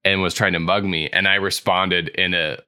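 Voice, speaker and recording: Bright-voiced man chatting about improv. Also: deep voice, fairly even intonation, normal speed, clear, resonant tone. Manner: enthusiastic, lots of likes and restarts. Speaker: improviser and podcast host. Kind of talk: casual podcast chat.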